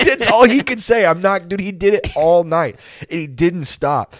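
A man's voice: fairly high pitch, normal speed, no room sound, clean studio sound. A young man chatting casually, telling rambling stories full of swearing, laughing often and putting on voices for the people he quotes. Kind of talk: casual chat.

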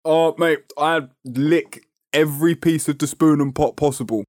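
A man's voice: fairly high pitch, steady tone, measured pace, darkish tone, no room sound, studio quality. A young man with a London accent co-hosting a podcast in casual, slangy banter, swearing freely and laughing often. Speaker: podcast co-host.

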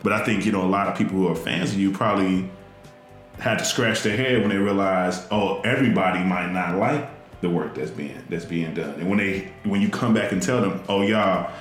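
A man's voice: low voice, brisk, reverberant, soft background music. A man hosting a casual podcast interview, rambling and searching for his words as he asks questions. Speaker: podcast host.

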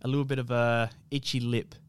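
A laid-back Australian man trading stories on a podcast, swearing without a second thought. His voice sits at an ordinary middle pitch. The recording is dry and close, with no room sound. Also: little pitch movement, fairly quick, clear, resonant tone, no echo. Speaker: podcast co-host. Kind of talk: casual chat.

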